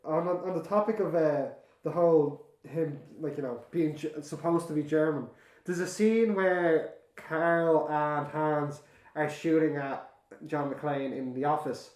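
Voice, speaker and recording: A man's voice: a little high, measured pace, darkish tone. A man co-hosting a casual film podcast, laid-back and joking as he talks. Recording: echoey room.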